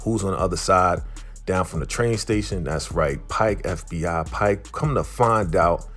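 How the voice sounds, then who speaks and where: A man with a very deep voice talking through an episode recap in a loose, streetwise way. He chats casually like he's telling a friend. Faint music plays underneath. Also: normal speed, a bit bright. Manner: chatty, streetwise. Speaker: vlogger reviewing a TV episode.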